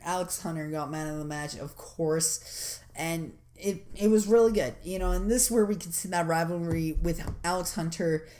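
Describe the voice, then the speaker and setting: A woman giving loose, rambling commentary over a video game, excited and full of fillers. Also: on the low side, moderate pace. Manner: excited and enthusiastic. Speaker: gameplay commentator.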